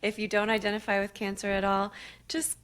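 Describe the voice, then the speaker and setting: Soft-spoken woman psychic co-host. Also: medium pitch, completely flat delivery, fast talker, clear, resonant tone. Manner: soft-spoken spiritual talk with frequent laughs. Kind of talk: casual podcast chat.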